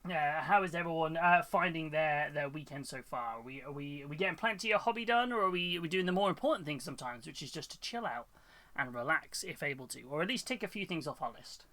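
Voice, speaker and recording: British man, live stream host, casual chat, bright tense voice, greets viewers, laughs a lot. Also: fairly high pitch, animated, fast. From United Kingdom. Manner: chatty, greets viewers by name, laughs often. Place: hobby room at home.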